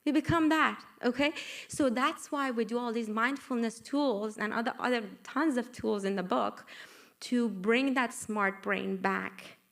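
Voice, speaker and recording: A middle-aged woman with a Persian accent giving a lively talk at her book launch, coaxing the audience and asking for agreement. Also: on the high side. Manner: animated, coaxing, asks the room for agreement. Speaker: author and workshop speaker. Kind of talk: live book launch talk with group exercises. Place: event room with live audience.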